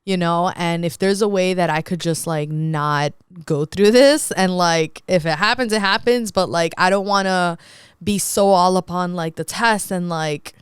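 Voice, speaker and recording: A woman's voice: lowish voice, unhurried, smooth, no echo, studio quality. A young woman co-hosting a podcast in casual chat, talking freely with lots of fillers and frequent laughs. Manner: chatty, laughs often, many "like" fillers. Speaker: podcast co-host.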